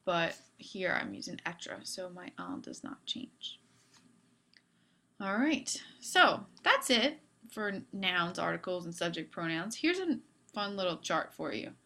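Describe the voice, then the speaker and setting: A woman's voice: lowish voice, big pitch swings, takes it slowly, gravelly, pushed and bright. A woman teacher giving a video lesson on French grammar, upbeat with playful asides.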